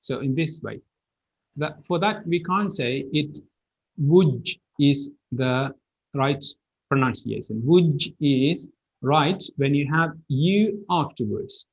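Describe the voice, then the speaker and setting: A man's voice: medium pitch, lively intonation, takes it slowly, vocal fry, dull audio. A man teaching English pronunciation in an online class, explaining with repeated example phrases.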